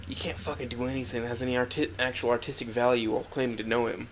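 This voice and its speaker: A man's voice: medium pitch, fairly even intonation, fast, vocal fry, few pauses, slight background noise. A man narrating a first-person dramatic story, emotional and swinging from hurt to angry outbursts.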